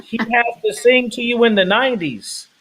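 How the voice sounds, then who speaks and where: A man with a notably high voice hosts a podcast in a casual, teasing way. He jokes with his guests while reading questions out. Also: moderate pace, background noise. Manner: playful, teasing. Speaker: podcast host.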